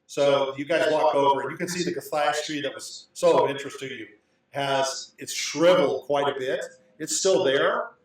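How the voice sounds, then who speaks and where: Male game master, mid-pitched, unhurried and halting, recorded off-mic in a very echoey room. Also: recorded from a distance. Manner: relaxed, halting narration with many fillers. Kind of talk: narrating a tabletop game.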